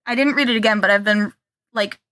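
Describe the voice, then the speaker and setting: A woman's voice: mid-range voice, a little fast, sharp tone, no room sound. A woman from Chicago co-hosting a podcast, chatting casually, laughing often and trailing off mid-sentence. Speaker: podcast co-host. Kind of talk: casual chat.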